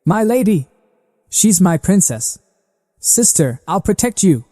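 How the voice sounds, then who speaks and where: A man's voice: sits high, very animated, takes it slowly, mellow, in a large hall, pitched above the performer's own voice, full character voice. A man voicing a clingy, fiercely loyal little girl, eager and insistent.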